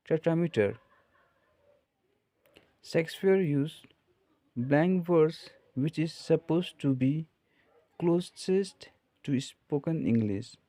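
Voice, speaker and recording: A man reading out literature study notes in a measured way, with frequent pauses. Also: on the high side, mellow, low-quality recording. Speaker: lecturer explaining a set text.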